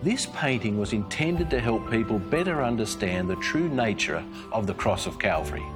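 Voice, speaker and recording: A man giving a scripted devotional presentation, telling it in an earnest, measured storytelling manner. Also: on the low side, expressive, music in the background. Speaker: Christian speaker.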